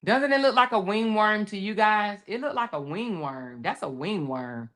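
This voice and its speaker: A woman's voice: medium pitch, lively intonation, moderate pace, a bit bright. A woman hosting a commentary show, chatting casually and reacting to clips with asides to her audience. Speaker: host.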